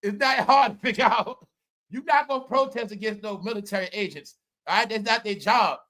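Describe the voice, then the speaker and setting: High bright-voiced man ranting and mocking. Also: fairly quick. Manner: loud, profane, mocking, laughing often. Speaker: podcast host. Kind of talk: casual livestream commentary.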